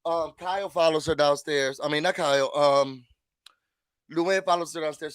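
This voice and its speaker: Man, high voice, animated reality-show recap, dry close mic. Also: a little fast, no echo. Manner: chatty, animated, acts out quotes.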